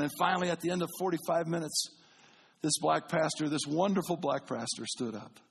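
Male pastor, husky tone, lively sermon storyteller who goes from quiet to loud. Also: a little fast. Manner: animated, swings between booming and hushed.

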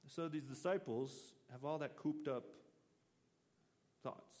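A man's voice: mid-range voice, moderate pace, darkish tone, big-room sound. A man preaching an interactive sermon, talking casually and asking his listeners questions. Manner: conversational, asks the audience questions.

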